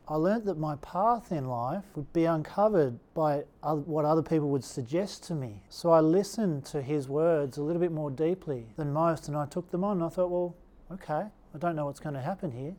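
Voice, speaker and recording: A man's voice: a little high, moderate pace, mellow. A middle-aged man with an Australian accent, speaking in a slightly raised register. He tells a personal story in an easygoing, anecdotal manner and slips into the voices of the people he quotes. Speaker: speaker telling his story. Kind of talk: storytelling talk.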